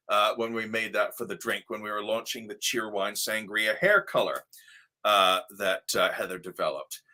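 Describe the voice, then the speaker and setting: This livestream host from Ohio speaks on the low side at a moderate pace, his tone steady yet pushed and bright. He reads viewer comments, rambling with fillers and the odd swear, in a mixed English RP, Devon and Midwestern American accent.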